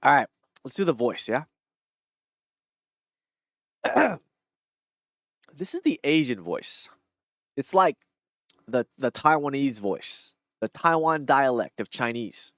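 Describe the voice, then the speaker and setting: A man's voice: mid-range voice, big pitch swings, slow, long pauses, a bit bright, no room sound, studio quality. A man talking casually on his own, reading short thoughts aloud and musing on them in a rambling, reflective way. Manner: rambling, reflective, many fillers and restarts. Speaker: streamer.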